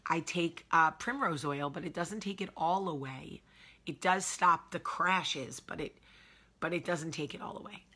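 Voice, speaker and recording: A woman in her thirties with a New Jersey accent hosts a candid personal vlog, speaking emotionally and confessionally with emphatic repetition. Her voice is low and slightly rough, a little slow, with a sharp tone.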